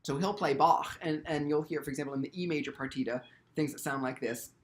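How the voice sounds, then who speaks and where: A man's voice: fairly high pitch, steady tone, fast, music in the background. A man teaching violin in an instructional video, speaking thoughtfully and often restarting his sentences with ums.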